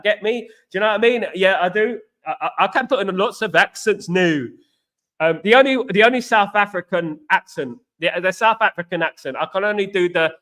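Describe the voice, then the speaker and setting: A man's voice: high voice, brisk, fairly bright tone. A man from East London with an East London accent hosting a casual livestream, bantering with viewers in slang and repeating catchphrases. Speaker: livestream host. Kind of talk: casual livestream chat reading viewer comments.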